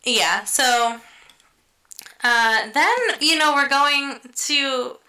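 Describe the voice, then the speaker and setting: A woman's voice: high-pitched, extremely slow, sharp tone, low-quality recording. A young woman casually recapping a show in a chatty, filler-heavy way, swearing now and then and laughing often. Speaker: podcast co-host recapping a show. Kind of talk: casual chat.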